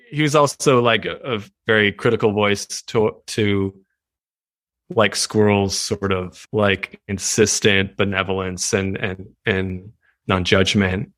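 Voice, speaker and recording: A man chats as an interview guest, animated and quick to laugh. His voice sits a little low, and it is recorded dry and close. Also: no echo. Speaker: writer, guest. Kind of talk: casual chat.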